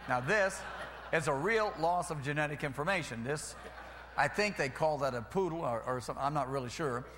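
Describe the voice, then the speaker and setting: Man, preacher, folksy sermon, bright forceful voice, slightly high. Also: a little fast, slight background noise. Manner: folksy, repeats phrases, calls for amens.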